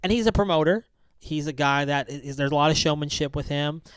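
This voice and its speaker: A man's voice: on the high side, fairly quick, smooth, dry recording. A man co-hosting a podcast as a counselor, talking casually and rambling with many "like"s and "um"s. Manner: rambling, lots of "like" and "um".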